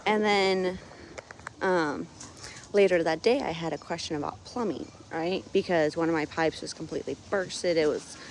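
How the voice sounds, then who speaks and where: Young woman, lowish voice, frustrated casual rant on a phone outside, faint noise behind. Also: moderate pace, poor audio. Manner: frustrated, keeps tagging "right?". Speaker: vlogger. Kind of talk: casual venting monologue. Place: outdoors on her farm, windy.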